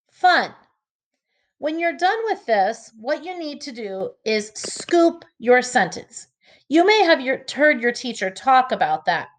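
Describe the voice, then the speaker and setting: A woman teacher giving an early reading lesson to children, slowly sounding out each letter and word. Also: sits high.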